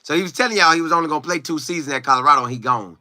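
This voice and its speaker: Talking very fast in a fairly high, bright voice, the sports commentary streamer chats animatedly with his audience, riffing, singing, and reading their comments aloud. The recording is studio quality with no echo.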